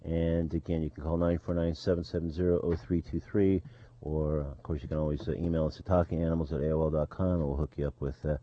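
A man hosting a college radio show, speaking in a casual, halting way with many fillers. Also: rumbling low, flat delivery, muffled recording.

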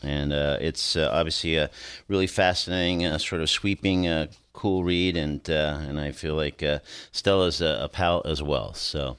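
A man hosting a radio talk show in a studio, lively and hesitant with many fillers. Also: rumbling low, moderate pace, clean tone.

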